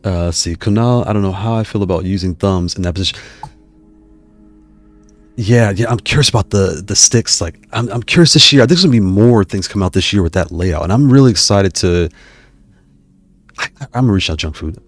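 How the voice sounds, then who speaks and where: A YouTube host with a low, fairly quick male voice reads his live chat aloud. He chats casually with viewers, rambling off on tangents and often cutting himself off mid-sentence.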